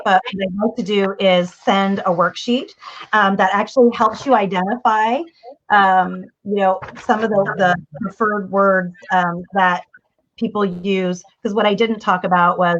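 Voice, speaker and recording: A woman's voice: mid-range voice, measured pace. Give me a middle-aged woman coach on a dull call. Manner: animated, acts out family dialogue, many restarts. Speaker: guest communication coach. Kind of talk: conversational interview. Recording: dull lo-fi audio.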